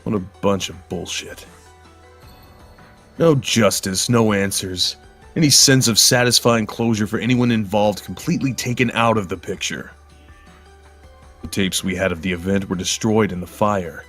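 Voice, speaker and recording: Low-voiced man reading a grim horror tale. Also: normal speed, fairly bright tone, faint music behind. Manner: grim, bitter, world-weary narration. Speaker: guest storyteller. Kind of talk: dramatic horror story reading.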